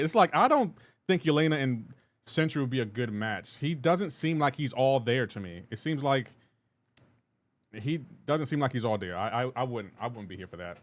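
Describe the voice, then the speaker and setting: Male streamer, relaxed and rambling, mid-range voice, reads chat aloud between plays. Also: mid-range voice. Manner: laid-back, reads chat messages aloud and answers them; rambling with frequent restarts and asides to gameplay. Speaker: live streamer. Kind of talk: casual gaming livestream chat.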